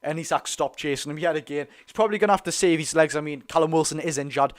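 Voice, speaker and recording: A man with a Geordie accent giving excited, rapid live football commentary as host of a fan watch-along, cheering his side on. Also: a little high. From North East England. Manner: talks very fast; animated, cheers players on.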